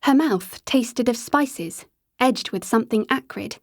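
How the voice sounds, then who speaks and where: Higher-voiced woman reading an audiobook. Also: a little slow, no echo, clean studio sound. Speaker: audiobook narrator. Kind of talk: scripted audiobook narration.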